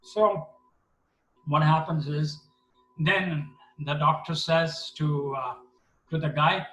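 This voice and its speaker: A man, telling stories at a devotional gathering and acting out the quotes in lively voices. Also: fairly high pitch, takes it slowly. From India. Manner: animated, acts out quotes with voices. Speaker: satsang speaker. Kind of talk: storytelling talk. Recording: echoey room, from a distance.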